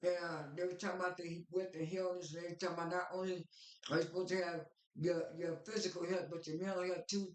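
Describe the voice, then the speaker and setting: A man casually recapping a TV episode, halting and rambling with lots of fillers and repeated words. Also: high-pitched, flat delivery, echoey room. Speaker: show recap vlogger.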